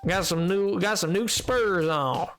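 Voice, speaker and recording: A man voicing a folksy Southern cowboy with a put-on American Southern accent and a slow, drawling way of talking. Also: high-pitched, fairly bright tone, soft background music. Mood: boastful.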